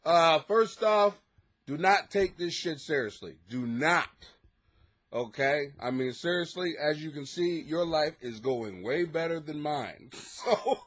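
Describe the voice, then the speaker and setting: A man with an expressive, fairly bright voice on the high side talks a little slowly as he hosts a comedy podcast from his basement. His casual comedic monologue is loose, profane, and built around storytelling.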